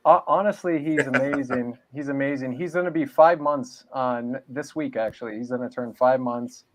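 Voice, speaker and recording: A man's voice: mid-range voice, moderate pace. A man from New England chatting casually as a podcast guest, laid-back and saying "man" and "dude" a lot. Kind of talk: casual interview chat. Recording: dull lo-fi sound.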